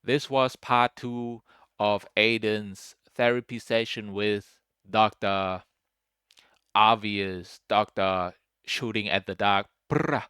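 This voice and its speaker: Low-voiced man musing casually. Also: level tone, slow, clear, resonant tone, no room sound, studio quality. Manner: rambling and musing, many "like" fillers, trails off quietly. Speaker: spiritual commentator reacting to a video. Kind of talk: casual reaction commentary.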